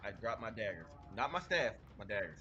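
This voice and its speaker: A man's voice: lowish voice, sing-song, brisk, dull audio. Hesitant man playing in a tabletop game. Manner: hesitant, many fillers. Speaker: player. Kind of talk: casual tabletop game play.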